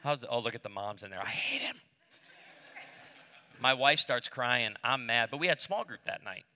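Bright-voiced pastor in a reverberant hall. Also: male voice, mid-range voice, animated, normal speed. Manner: humorous storytelling, self-deprecating asides. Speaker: pastor speaking on marriage. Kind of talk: sermon-style talk to a live audience.

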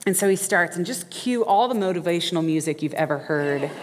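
Lady preaching, folksy and lively, acts out the quotes, voice ringing in a big hall. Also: fairly low pitch, fairly quick, a faint crowd, slight background noise. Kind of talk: sermon with storytelling. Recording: reverberant hall.

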